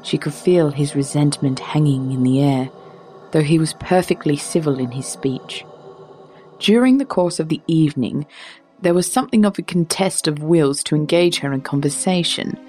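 Low-voiced woman narrating a tale. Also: moderate pace, a little mellow, soft background music. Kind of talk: scripted storytelling narration.

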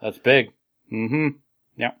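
A man's voice: mid-range voice, slow pace, vocal fry, muffled recording. A man co-hosting a podcast in casual, joking banter, laughing often. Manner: joking, laughs often, playful silly voices. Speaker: podcast co-host.

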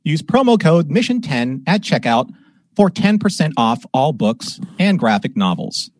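Animated man hosting a live podcast. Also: on the high side, a little slow. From Southern California. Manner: animated storyteller, puts on voices in anecdotes. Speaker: podcast host. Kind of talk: casual live-stream chat. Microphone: home desk microphone.

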